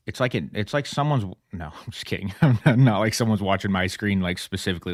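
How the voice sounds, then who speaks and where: Rambling low-voiced man on a dry mic. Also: fairly quick, hardly any pauses, no room sound. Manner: rambling, self-mocking, laughs often. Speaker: livestream trader. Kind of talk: casual livestream chat.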